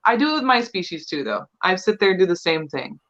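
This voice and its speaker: A woman's voice: on the low side, sing-song, fast, fairly bright tone. A young adult woman chatting candidly as a podcast co-host. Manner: candid, chatty, laughs often. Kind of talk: casual chat. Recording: dull lo-fi sound.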